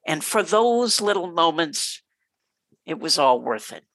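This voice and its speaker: A man's voice: on the high side, big pitch swings, measured pace, a bit bright, dry recording, poor audio. A middle-aged man telling a personal story in a plain, reflective way. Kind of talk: personal story told on stage.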